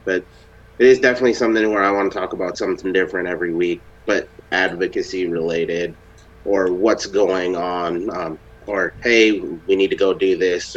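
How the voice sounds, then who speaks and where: A man with a low voice hosts a casual group chat, loose and profane, laughing along with his guests. The sound is dull and muffled, like a lo-fi call. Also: a bit bright. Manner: loose, swears freely, laughs often. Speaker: podcast host.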